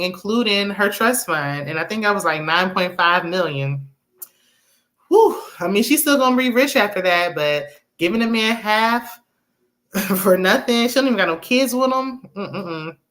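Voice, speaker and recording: A young woman, casually recapping a movie with laughs and quick asides. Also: mid-range voice. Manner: chatty, animated retelling with laughs and acted-out quotes. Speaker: movie review host.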